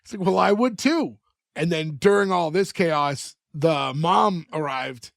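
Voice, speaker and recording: Man, podcast co-host, animated episode recap, fairly high voice, dry sound. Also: a little slow, vocal fry, no room sound. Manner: animated retelling, acts out quoted lines. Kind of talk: casual chat recapping an episode.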